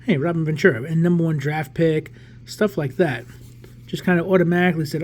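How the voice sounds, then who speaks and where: A man's voice: fairly high pitch, brisk, slight background noise. A man in his forties from the New York area, chatting casually and rambling as he opens a pack of cards. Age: 40s. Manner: relaxed, rambling, thinking aloud with restarts. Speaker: card collector vlogger. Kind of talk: casual pack-opening commentary.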